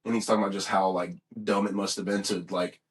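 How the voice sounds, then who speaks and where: A man's voice: sits low, little pitch movement, fast, far from the mic. A man, a strength coach guesting on a podcast, telling stories in a rambling way full of "like.". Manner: rambling, heavy use of "like". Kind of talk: casual chat.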